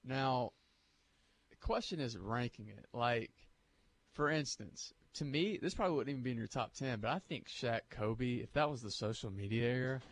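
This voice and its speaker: A man's voice: medium pitch, lively intonation, moderate pace. A man co-hosting a morning sports radio show in casual, joking talk.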